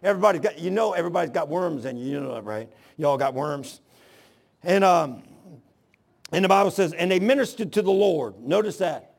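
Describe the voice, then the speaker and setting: High, gravelly older man preaching. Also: lively intonation, fairly quick. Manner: folksy, earnest storytelling with rough grammar. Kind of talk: sermon with personal testimony. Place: church.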